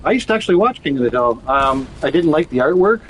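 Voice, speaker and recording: A man's voice: a little high, animated, fast, a little hiss or hum, low-quality recording. A man chatting casually while gaming, telling rambling, profane stories full of restarts. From Canada. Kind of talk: casual chat.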